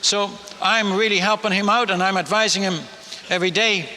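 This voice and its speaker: A man telling a personal story in a sermon, chatty and animated, stumbling over restarts and asking the audience questions. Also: high-pitched, fairly quick, slight background noise. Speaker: missionary preacher. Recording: echoey hall.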